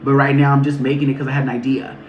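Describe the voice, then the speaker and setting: A man doing a casual spiritual reading on a livestream, talking in a sassy, profane, animated way. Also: medium pitch, racing, highs cut off. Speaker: spiritual reader. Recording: echoey room.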